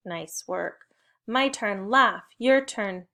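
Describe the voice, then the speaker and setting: A woman's voice: medium pitch, normal speed. A young adult woman, leading a recorded spelling and phonics lesson for young children with cheerful, encouraging call-and-response prompts. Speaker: teacher.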